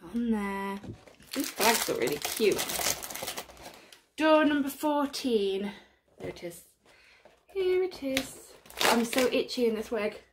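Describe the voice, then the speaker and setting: A woman chatting through an unboxing, her voice high and swooping with lively pitch jumps. She gushes and gasps over each find and talks at an unhurried pace. Plastic crinkling and clicks sit clearly behind her. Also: background noise. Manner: gushing, gasps often. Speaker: unboxing vlogger. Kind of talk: casual unboxing commentary.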